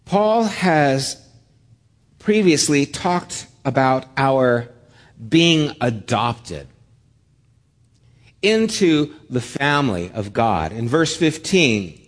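A middle-aged man preaching a sermon, reading scripture aloud in a measured, earnest way. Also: medium pitch, sing-song. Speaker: pastor. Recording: long hall reverb.

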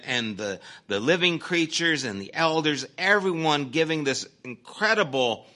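A man preaching in an earnest, emphatic way, leaning into each point and dropping into chatty asides. His voice has a bright, forward edge. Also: medium pitch. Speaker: pastor teaching a Bible study series. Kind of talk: sermon.

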